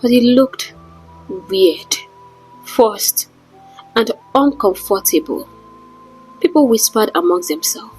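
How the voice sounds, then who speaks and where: A woman narrating a folktale in a dramatic, measured way with wry asides. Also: on the high side, big pitch swings, a little mellow, slightly rough, faint music behind, low-quality recording. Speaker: storyteller. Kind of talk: scripted story narration.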